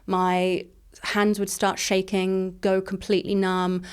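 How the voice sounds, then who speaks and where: In a clean-toned, mid-range voice, a woman from England in her thirties gives a completely flat delivery. She's a guest in an interview, recounting her own story quickly and candidly while saying "like" constantly.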